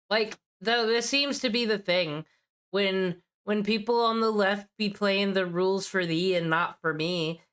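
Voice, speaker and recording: A woman's voice: on the low side, a bit bright. A woman streamer reacting to drama clips in blunt, profane, sarcastic casual commentary.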